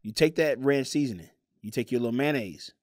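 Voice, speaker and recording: A playful man with a Southern American accent, chatting loosely on a podcast mic. His voice sits in a middle pitch and sounds close and dry, with no room around it. He talks in an animated way, teasing his co-hosts as he goes. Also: a little fast, dry recording. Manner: animated, playful, gives a recipe step by step. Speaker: podcast co-host. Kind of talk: casual chat.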